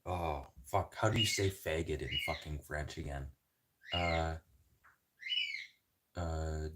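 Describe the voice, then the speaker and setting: A man's voice: deep voice, expressive, slow pace, long pauses. A man from the Canadian prairies chatting casually in a rambling, joking way, swearing constantly. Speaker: vlogger.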